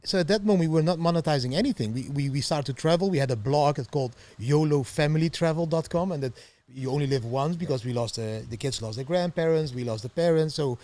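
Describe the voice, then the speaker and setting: A middle-aged man, telling his story as a podcast guest in an animated way and laughing often. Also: on the high side, fast talker. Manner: animated, laughs often, acts out quoted voices. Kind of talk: storytelling interview.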